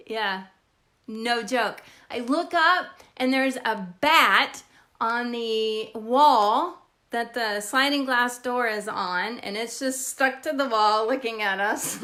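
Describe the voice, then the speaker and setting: Middle-aged woman, real estate agent; high, bright, unhurried, animated storyteller. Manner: animated, laughs often while telling stories. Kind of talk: casual storytelling to camera.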